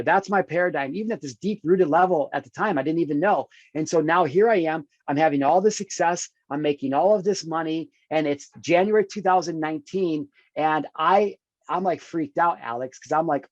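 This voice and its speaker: A man in his thirties, pitched slightly high, tells a personal story on a podcast with emphatic intensity, pulling the host in with "dude" and "check this out." The recording is dry and a little dull. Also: brisk, no room sound. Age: 30s. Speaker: podcast guest.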